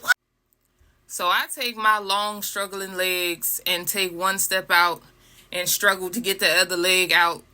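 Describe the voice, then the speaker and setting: A young woman telling a storytime vlog, animated and dramatic, with frequent asides to her viewers. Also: mid-range voice. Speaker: vlogger.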